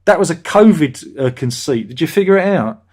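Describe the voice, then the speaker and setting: A man's voice: a little high, lively intonation, a little mellow, slightly rough. A man hosting a review livestream, chatting casually and reading out viewer comments with a sarcastic, easily angered manner. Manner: ranting, sarcastic, quick to anger.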